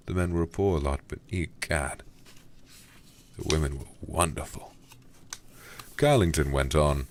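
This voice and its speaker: A blustering old English lord who grumbles and gossips in a hushed whispered role-play, as a man puts him on. The voice sits extremely low and rumbles along in complaint. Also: gravelly, slight background noise. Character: gruff, grumbling old English lord, a young man's uncle.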